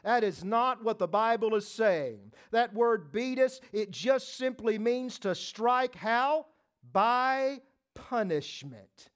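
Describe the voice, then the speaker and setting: A man with a high-pitched voice delivers a sermon from the pulpit. He repeats phrases for weight and swings between loud, emphatic declarations and soft, hushed lines. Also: takes it slowly. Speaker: preacher.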